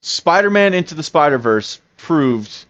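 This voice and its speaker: A man's voice: fairly high pitch, sing-song, measured pace, a bit bright, no room sound, muffled recording. A man co-hosting a podcast, talking casually and rambling with frequent restarts and fillers. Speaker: podcast co-host. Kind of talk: casual chat.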